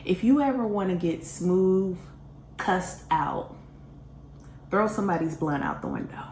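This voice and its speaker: A woman telling a personal story in a casual storytime vlog, animated and self-mocking, often laughing. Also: on the low side, a little slow. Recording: roomy echo, faint background hiss.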